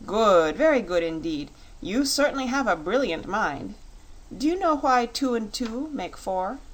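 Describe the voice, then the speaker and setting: A woman's voice: a little high, unhurried, poor audio. Woman doing a pompous vain fox king. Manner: flattering, self-satisfied, lecturing.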